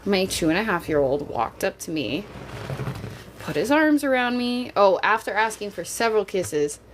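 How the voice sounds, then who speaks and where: A woman's voice: medium pitch, very animated, normal speed, a little hiss or hum. A woman streaming live, a mother chatting candidly with her viewers in a jokey, casual way and swearing now and then. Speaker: livestreamer.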